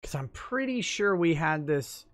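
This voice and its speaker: A man's voice: on the high side, big pitch swings, measured pace, fairly bright tone, dry recording, clean studio sound. A man hosting a livestream, explaining legal matters in a casual, thinking-aloud way with fillers. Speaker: livestream talk show host and lawyer.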